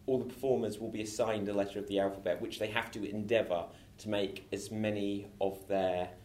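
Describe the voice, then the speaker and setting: A man hosting an improv comedy podcast, chatty and quick to laugh as he explains the games. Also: lowish voice, little pitch movement, darkish tone. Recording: roomy echo.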